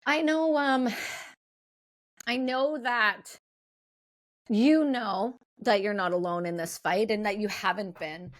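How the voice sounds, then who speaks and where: A woman hosting a sit-down interview, speaking bluntly and fast with strong opinions. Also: medium pitch. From Canada. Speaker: host.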